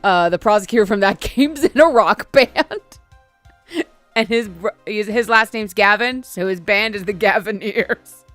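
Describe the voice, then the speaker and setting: Young woman streamer; casual, crude, laughing commentary, mid pitch, faint music. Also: a little slow, fairly bright tone, no echo. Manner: crude, swearing, laughing, chatty.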